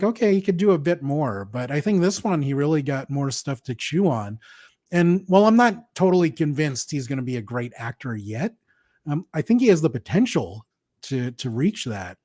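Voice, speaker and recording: A man hosting a casual film review chat, opinionated and quick to laugh. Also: fairly high pitch, a little mellow, dry recording, clean studio sound. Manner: laughs often, opinionated and chatty. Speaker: podcast host.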